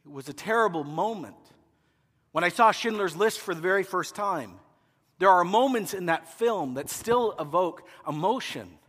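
Animated storytelling pastor in a hall. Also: male voice, sits high, normal speed, slightly rough. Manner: animated storytelling, acting out movie scenes. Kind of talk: sermon. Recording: long hall reverb.

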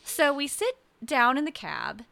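Bright-voiced woman telling a story. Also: high voice, measured pace, gravelly. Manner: animated, acts out quoted voices, lots of "like". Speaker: podcast co-host. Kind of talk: casual storytelling chat.

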